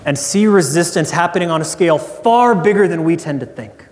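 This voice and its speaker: A man's voice: on the high side, lively intonation, a little fast, darkish tone. Conversational male preacher in a reverberant hall. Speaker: pastor. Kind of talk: sermon.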